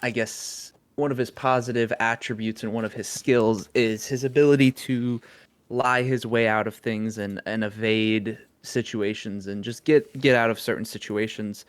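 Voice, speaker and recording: A young man co-hosting a podcast, talking in a relaxed way, thinking aloud and chuckling often. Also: lowish voice, normal speed. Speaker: podcast co-host. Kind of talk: casual chat.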